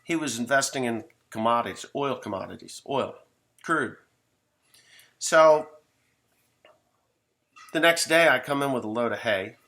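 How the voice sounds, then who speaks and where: A man's voice: mid-range voice, animated, unhurried, pauses often, pushed and bright. A middle-aged man, a farmer, telling a rambling, folksy story in casual talk, swearing now and then.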